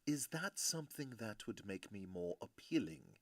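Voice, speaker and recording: A man's voice: on the low side, sing-song, moderate pace, no echo. A man hosting a card-breaking livestream, rambling and joking with his audience in casual banter. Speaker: livestream host breaking trading cards. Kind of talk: casual chat with a live audience.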